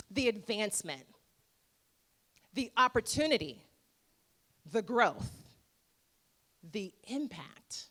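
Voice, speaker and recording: Slow, emphatic woman giving a speech. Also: on the high side, a bit bright. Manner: emphatic, rhetorical, with dramatic pauses. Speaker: dentist giving a gala speech. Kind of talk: motivational speech. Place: gala event room.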